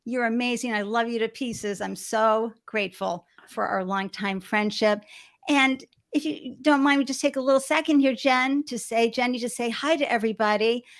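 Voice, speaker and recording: A woman's voice: fairly high pitch, moderate pace. A woman hosting a live-streamed interview show on a video call, gushing and effusive as she greets viewers by name. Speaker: show host. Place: home studio with balloons behind.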